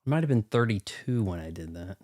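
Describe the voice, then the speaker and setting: A man's voice: lowish voice, animated, fairly quick, a little mellow. A young man streaming a video game live, chatting casually with viewers in a rambling, self-mocking way. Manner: rambling, self-deprecating, talks to chat.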